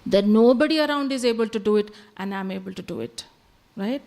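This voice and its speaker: A woman's voice: medium pitch, a little fast, darkish tone. A woman, giving a spiritual talk full of chatty stories and dropping Hindi phrases into her English. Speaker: spiritual speaker. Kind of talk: storytelling talk.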